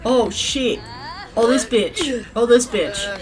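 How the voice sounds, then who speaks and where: A young woman giving casual, profane commentary while playing a life-sim game, yelling at the characters and rambling. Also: a little high, slow, music in the background. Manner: rambling, self-interrupting.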